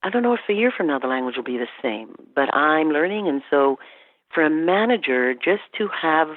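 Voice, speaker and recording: Animated woman on a tinny line. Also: sits low, brisk, no room sound. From Canada. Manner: animated storytelling, quoting herself and clients. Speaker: guest expert on workplace incivility. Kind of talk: podcast interview. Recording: tinny phone-like line, dry.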